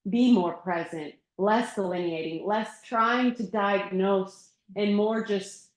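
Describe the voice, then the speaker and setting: A woman teaching yoga and Thai bodywork in a relaxed, reflective way, laughing often during a group discussion. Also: mid-range voice, slow pace. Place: yoga studio room. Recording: echoey room.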